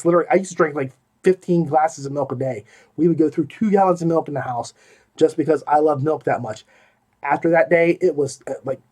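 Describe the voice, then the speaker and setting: A middle-aged man hosting an audiobook review podcast, rambling and emphatic, with many asides and repeated "okay?". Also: a little high. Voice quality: animated, emphatic, swings between loud exclamations and mumbled asides. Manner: rambling and self-interrupting, with repeated 'okay?' and 'like'. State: hiccuping. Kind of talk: casual spoken book review.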